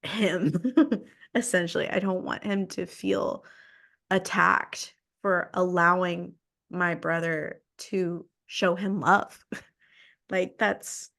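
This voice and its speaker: A woman's voice: on the low side, fairly even intonation, slow pace, vocal fry, fairly bright tone. A woman podcast host telling a personal story in an earnest, emphatic way. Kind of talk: casual conversation.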